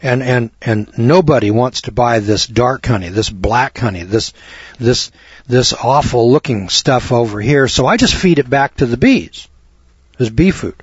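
A man's voice: medium pitch, lively intonation, unhurried, husky, dry recording. A man voicing a plain-spoken male beekeeper who talks about his honey in a matter-of-fact way. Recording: dull lo-fi recording.

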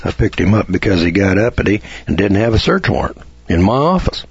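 A man's voice: deep voice, big pitch swings, a little fast, vocal fry, breathy edge, dry recording, muffled recording. A middle-aged man, hosting a radio lecture, who talks in a folksy way and asks lots of rhetorical questions.

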